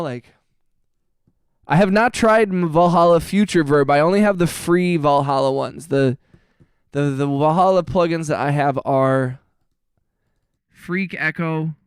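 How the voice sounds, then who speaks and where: A man's voice: fairly high pitch, smooth, no echo, clean studio sound. A young man from the United States producing music on a live stream, chatting casually with viewers in a slangy, joking, laid-back way and laughing often, recorded on a phone. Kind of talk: casual livestream chat.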